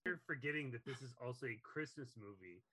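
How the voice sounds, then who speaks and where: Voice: mid-range voice, animated, a little fast, bright, forceful tone, poor audio. A co-host in a casual chat, adding dry, wry comments about a movie. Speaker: podcast co-host.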